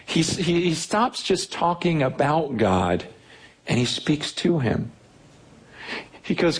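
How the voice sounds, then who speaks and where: A man preaching a sermon as pastor, animated and often repeating words as he builds up. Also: slightly rough. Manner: reads scripture slowly and low.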